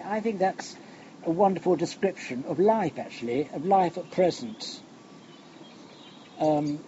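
An older man preaching a sermon, slow and reflective, sinking to a hush on key phrases. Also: a little high. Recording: muffled recording with background noise.

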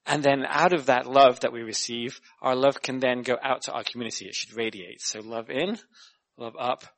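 A man's voice: medium pitch, moderate pace. Conversational man preaching a sermon. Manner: conversational, animated, repeats words, asks the listeners questions. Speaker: guest preacher.

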